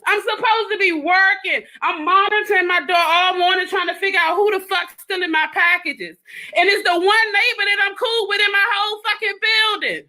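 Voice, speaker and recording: Woman, angry live phone video, high bright voice, profane rant. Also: fairly even intonation, moderate pace. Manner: furious, profane, exasperated.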